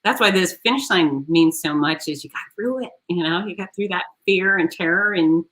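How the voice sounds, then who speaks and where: Woman host, middle-aged, bright and forceful tone, lower pitch, lively storyteller. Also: normal speed, rough recording. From South Florida. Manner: animated storyteller, acts out quoted voices. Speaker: show host. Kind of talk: casual podcast conversation.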